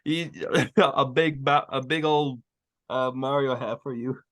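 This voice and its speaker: A man's voice: mid-range voice, fairly even intonation, slow pace, a bit bright, dry recording. A man teasing his friend with laughter in casual banter.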